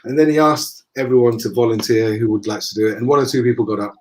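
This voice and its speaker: Northern english guy spinning lively stories, voicing everyone in them, middle pitch. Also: quick pace. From northern England. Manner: lively anecdotes, acting out the dialogue. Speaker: guest. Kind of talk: casual storytelling in conversation.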